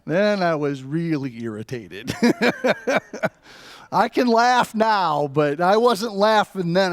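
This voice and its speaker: A man's voice: high-pitched, sing-song, slow pace, pauses often, no room sound, studio quality. A middle-aged man preaching a sermon as pastor, telling stories with rhetorical asides. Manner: storytelling with rhetorical "right?" asides. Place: church.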